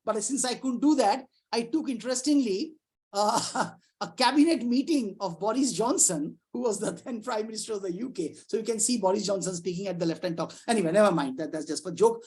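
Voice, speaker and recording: A middle-aged woman, a psychiatrist giving an informal lecture over a video call, talking in a lively, conversational way with frequent restarts and asides. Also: mid-range voice, a little fast.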